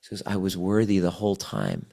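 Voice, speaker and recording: Lower-pitched man telling a healing story. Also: brisk, creaky. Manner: animated, acts out the client's replies. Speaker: podcast guest, trauma healing coach. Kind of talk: conversational storytelling.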